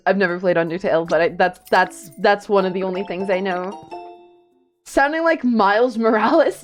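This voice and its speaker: A woman streaming a game live, chatting casually, excitable and a little shy in her asides. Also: medium pitch, a little slow, faint music behind.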